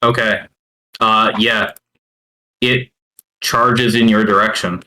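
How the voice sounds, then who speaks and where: A man narrating as game master of a tabletop game, hesitant and full of filler pauses. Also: on the low side, fairly even intonation, pushed and bright, low-quality recording.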